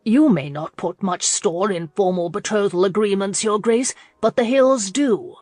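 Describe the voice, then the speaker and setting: A woman narrator voicing a stern, protective young gentleman who speaks firmly and with emphasis. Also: mid-range voice, unhurried, no echo, close to an everyday voice. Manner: firm, emphatic.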